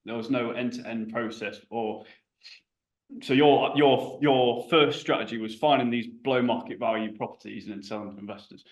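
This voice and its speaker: A male podcast host asks a guest questions in a casual, halting way, often restarting and repeating words. His voice is mid-pitched and carries a noticeable room echo. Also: fairly even intonation. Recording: roomy echo.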